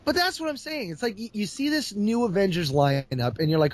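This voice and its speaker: A man's high voice moves at a slightly quick clip as he casually recaps a comic book storyline. Frequent laughs and exaggerated voices mark his energetic storytelling.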